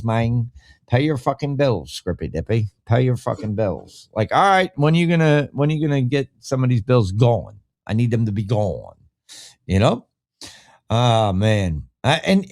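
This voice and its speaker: A male podcast host on a casual live stream, swearing freely and arguing with viewers in the chat. His pitch swings up and down with plenty of life. The sound is dry and close, with no room around it. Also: a little mellow, no room sound. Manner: profane, blunt, argumentative; talks back to chat viewers by name.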